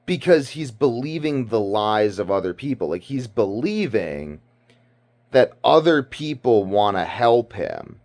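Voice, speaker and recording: A man's voice: fairly low pitch, very animated, a little slow, a little mellow. A man from Britain giving rambling casual commentary, ranting and profane, full of fillers. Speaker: video commentator.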